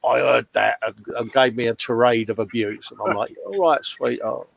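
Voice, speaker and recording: A man's voice: mid-range voice, level tone, fairly quick, vocal fry, muffled recording. A man co-hosting a casual live stream, reading chat comments aloud, joking and calling people mate. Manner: chatty, laughing, calls people mate.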